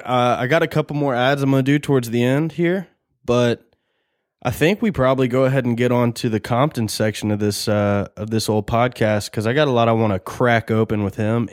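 A man's voice: medium pitch, dry recording, studio quality. Joking, rambling podcast host, a man. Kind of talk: casual monologue.

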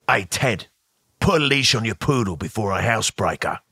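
A man's voice: on the low side, animated, moderate pace, pushed and bright, slightly rough, dry recording, studio quality, exaggerated voice. A man voicing a touchy English action star with a tough-guy manner who swears a lot. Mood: smug.

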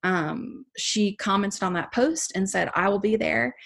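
A woman with a Southern US accent giving a gentle class talk as an herbalist, soft-spoken with frequent fillers. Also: mid-range voice, measured pace, gravelly. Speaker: herbalist teacher.

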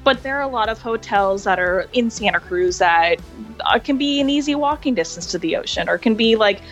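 Chatty woman laughing through her stories, mid pitch, faint music under her. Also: brisk, highs cut off. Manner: animated, laughs often, acts out quoted voices. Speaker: interview guest, hotel hospitality worker. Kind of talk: casual interview storytelling.

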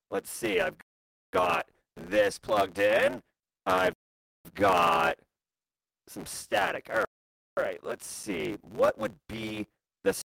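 Male streamer host, high husky voice, casual and animated. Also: dry recording, rough recording. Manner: animated, jumps high and low in pitch. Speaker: livestream host. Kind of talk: casual livestream chat.

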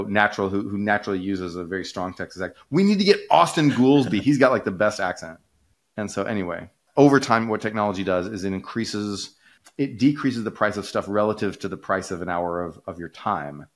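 Podcast co-host, male, lowish pitch, chatty, rambling explainer. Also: brisk. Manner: rambling, restarts, many fillers, animated pitch jumps. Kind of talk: casual conversational explainer.

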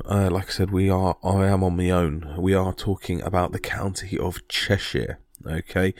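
A man's voice: low-pitched, no echo. A man from England hosting a podcast on his own, talking casually with a rambling, self-mocking manner and plenty of ums and restarts. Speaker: podcast host. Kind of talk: casual solo podcast talk.

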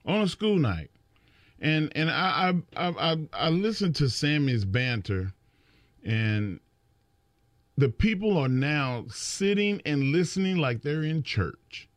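A middle-aged man talking in a casual chat, his pitch rising and falling a lot as he acts out what others said. He often stumbles and repeats words at the start. The sound is close and dry, with no room echo. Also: slow. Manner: animated storyteller, acts out quotes, repeats words. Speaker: wrestling podcast co-host.

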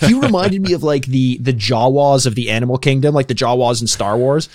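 A man's voice: mid-range voice, brisk, a little mellow, dry recording, studio quality. A Canadian man co-hosting a podcast, chatting casually with jokes, swearing and frequent laughter. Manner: joking, profane, laughs often. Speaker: podcast co-host.

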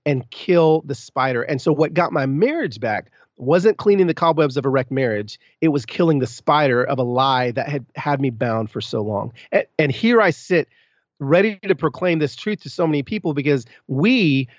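A man telling his story as a podcast guest, candid and emphatic, with quick restarts and sudden emphatic bursts. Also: on the high side, expressive, no echo, muffled recording.

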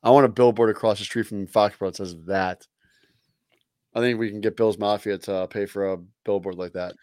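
A man co-hosting a sports fan podcast in a laid-back, jokey way, with sudden loud outbursts. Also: on the low side, fairly even intonation, fairly quick, clear, resonant tone, no room sound, studio quality. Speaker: podcast co-host. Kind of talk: sports fan chat and show sign-off.

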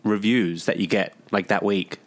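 A man co-hosting a podcast in casual chat, talkative and quick to laugh, with a stuffy nose. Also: fairly low pitch, steady tone. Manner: chatty, laughs easily. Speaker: podcast co-host.

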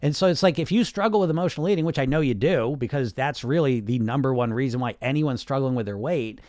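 A man's voice: mid-range voice, fast, darkish tone, no room sound, clean studio sound. A man hosting a casual podcast monologue as a weight loss coach, blunt and sarcastic, and he swears freely.

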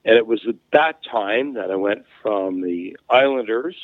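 A man's voice: fairly low pitch, a little slow, no echo. A man, a former hockey player, telling stories as an interview guest in a rambling way, full of fillers and restarts. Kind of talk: casual storytelling. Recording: phone-like narrow sound.

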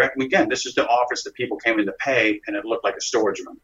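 A man being interviewed, telling a story in a lively way and acting out the dialogue as he goes. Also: mid-range voice, fast talker, hardly any pauses, lo-fi sound. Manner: animated storyteller, acts out dialogue.

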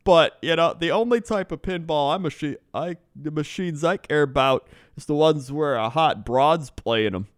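A man's voice: on the high side, normal speed, few pauses, clear, resonant tone, dry recording, clean studio sound, pitched above the performer's own voice, natural voice. A man voicing a brash middle-aged male rideshare driver with a put-on Canadian-tinged accent, ranting and boastful.

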